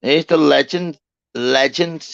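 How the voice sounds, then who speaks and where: Loud chatty man giving shout-outs. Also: fairly high pitch, takes it slowly, vocal fry, dry recording, highs cut off. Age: 30s. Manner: loud shout-outs, slips into quiet sombre talk. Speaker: livestream host. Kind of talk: casual live chat with viewers.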